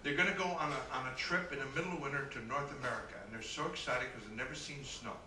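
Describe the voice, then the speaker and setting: A man doing stand-up comedy as a cruise ship entertainer, telling brisk jokes with asides to the crowd. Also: mid-range voice, noisy background. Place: cruise ship show room. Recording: echoey room from a distance, live band.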